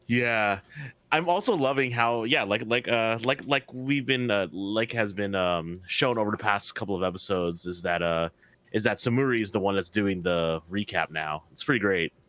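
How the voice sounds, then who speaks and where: A man with a fairly low voice co-hosting a relaxed podcast. His talk is full of fillers and easy laughter. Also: moderate pace, no echo. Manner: filler-heavy, laughs often. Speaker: podcast co-host. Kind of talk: casual chat.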